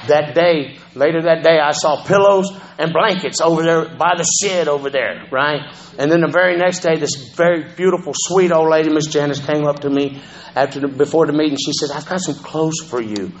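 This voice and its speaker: Recorded with the highs cut off and slight background noise, a man with a fairly high pitch speaks a little fast while giving a personal testimony of his recovery. He swears, stays conversational, and often checks in with "you know what I'm saying".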